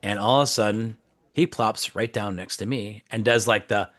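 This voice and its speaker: A man's voice: mid-range voice, moderate pace, no echo, clean studio sound. A man telling a casual anecdote, acting out the people in it. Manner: animated, acts out quoted voices. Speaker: guest actor telling a story.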